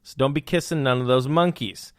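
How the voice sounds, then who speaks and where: A young man with a medium-pitched voice talks fairly quickly, captured in clean studio audio without echo. Hosting a podcast, he delivers comic takes on the news, riffing with puns and hyped jokes.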